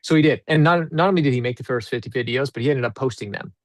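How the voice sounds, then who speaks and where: A man guest on an interview show, telling a coaching story in a casual, animated way. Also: mid-range voice, fast talker, no echo, clean studio sound. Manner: animated, acts out quoted dialogue.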